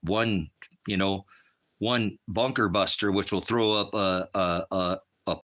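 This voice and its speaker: A middle-aged man hosts an online ministry in a rambling, combative monologue. His voice is bright and forceful, and he swears freely as he jumps from one tangent to the next. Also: low-pitched, steady tone, slow. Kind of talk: profane ranting monologue.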